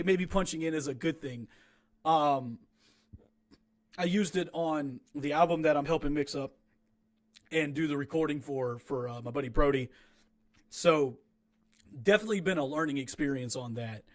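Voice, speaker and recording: A man's voice: a little high, fairly bright tone. A young man talking casually from his small home recording room, critiquing his own rap track in a rambling, frank, self-deprecating way with many restarts.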